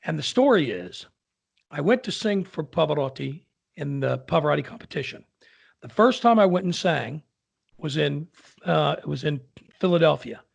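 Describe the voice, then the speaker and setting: A man, an opera singer, telling a lively anecdote in casual conversation and acting out the people in it. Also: fairly high pitch, normal speed, vocal fry, husky. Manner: animated storyteller, acts out quoted voices.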